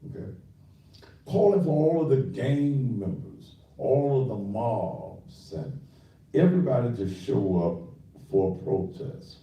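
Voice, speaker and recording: A man's voice: medium pitch, sing-song, slow, heavy reverb, recorded from a distance, muffled recording. An older man hosting a talk show, lecturing his listeners in a preachy, scolding way. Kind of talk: radio commentary.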